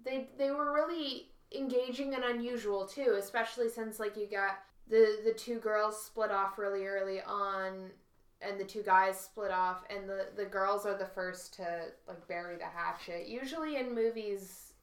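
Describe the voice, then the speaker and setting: A woman's voice: medium pitch, fairly even intonation, normal speed, roomy sound. A woman co-hosting a podcast, rambling casually with many fillers as she retells a film. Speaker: podcast co-host. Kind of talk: casual chat.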